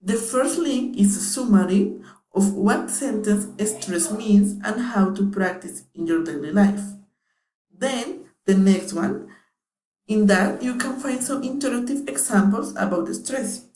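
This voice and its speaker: Slow, mellow woman reading a lesson. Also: mid-range voice. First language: Spanish. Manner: careful, read-aloud delivery. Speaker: student teacher presenting a lesson. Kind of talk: scripted narration. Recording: echoey room.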